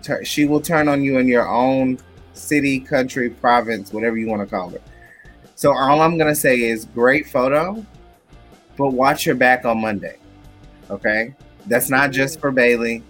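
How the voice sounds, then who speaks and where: A man's voice: mid-range voice, fairly bright tone. A man co-hosting a casual chat show, talking with sassy, dramatic asides. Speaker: podcast co-host.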